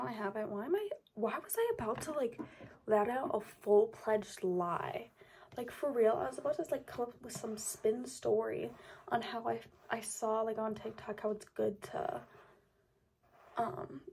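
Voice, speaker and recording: A woman's voice: fairly high pitch, vocal fry, a little mellow, slight background noise. A young woman chatting casually to camera at home, rambling and mocking herself, with sudden whispered asides. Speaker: vlogger.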